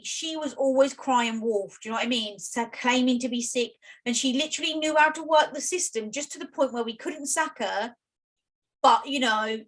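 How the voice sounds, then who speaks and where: A woman with a British accent, co-hosting a podcast and telling work stories in a chatty, expressive way. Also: fairly high pitch, rough recording. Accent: British English. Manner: chatty, expressive, with many fillers and asides. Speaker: podcast co-host. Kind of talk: casual storytelling chat.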